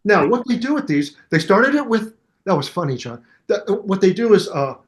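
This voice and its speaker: An older musician talking as a guest in a casual interview, telling animated stories and mimicking voices and sounds. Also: male voice, high-pitched, normal speed.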